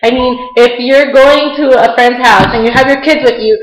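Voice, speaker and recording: Young woman ranting, slightly high, roomy. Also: fairly even intonation, moderate pace, soft background music. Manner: chatty, indignant ranting. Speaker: vlogger. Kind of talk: casual rant. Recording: echoey room.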